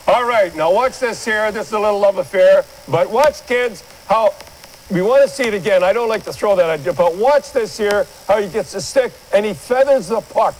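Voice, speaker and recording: Talking hockey at a moderate pace, an older man from Canada sounds high and animated, rambling and blunt like an opinionated studio commentator. He keeps telling viewers to watch the replays, and the recording is rough.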